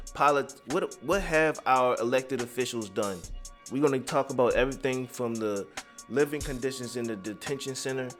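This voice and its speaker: A man delivers street-level commentary in a heated, profane rush, his thoughts wandering away from the script. His voice sits at an ordinary middle pitch, and soft music plays faintly underneath. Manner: rambling, profane, keeps straying off script. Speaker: commentary vlogger.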